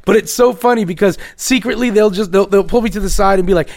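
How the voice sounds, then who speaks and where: A man's voice: fast, darkish tone. A man co-hosting a podcast, telling profane stories in casual chat and acting out what others said. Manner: profane, storytelling, acts out quotes in lowered voice. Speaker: co-host. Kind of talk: casual crude podcast banter.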